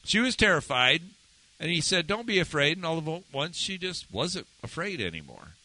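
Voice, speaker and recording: A man delivers a sermon like a conversation, often turning to his listeners with questions. His voice is very bright and forward, and his pitch swings widely for emphasis. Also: big pitch swings, moderate pace, rough recording. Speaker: pastor.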